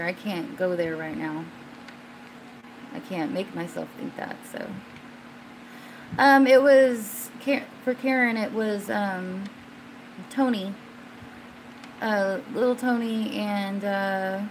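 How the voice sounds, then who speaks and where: Slow-talking woman chatting casually. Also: mid-range voice, background noise. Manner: rambling, with many fillers and restarts; gets suddenly excited and loud at times. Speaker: livestream host answering viewers. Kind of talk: casual chat.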